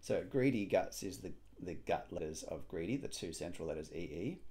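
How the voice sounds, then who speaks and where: A man solving a cryptic crossword aloud, musing and hesitant, with frequent pauses and fillers. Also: low-pitched, animated, mellow. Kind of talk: thinking aloud while solving.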